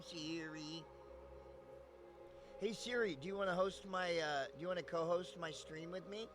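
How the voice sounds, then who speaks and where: A man's voice: high voice, normal speed, pauses often, music in the background. A man chatting casually on a live stream, rambling and swearing often, laughing between thoughts.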